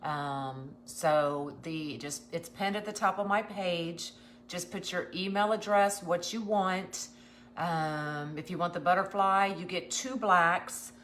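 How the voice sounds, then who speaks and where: A woman's voice: lowish voice, takes it slowly, a bit bright, a little hiss or hum. A woman hosting a casual craft livestream, greeting viewers and chatting with many ums and restarts. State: nervous.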